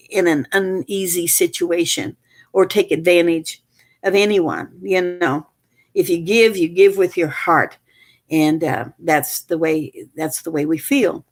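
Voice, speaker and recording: An older woman telling a family story in a casual, rambling way, full of restarts and fillers, and getting animated as she relives events. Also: on the low side. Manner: animated, rises sharply when reliving moments.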